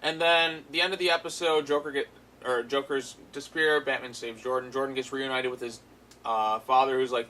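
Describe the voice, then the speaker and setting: A man's voice: medium pitch, fairly even intonation, a little fast, bright, forceful tone, slight background noise, rough recording. A man giving a casual, rambling review of a cartoon episode, full of fillers and amused asides.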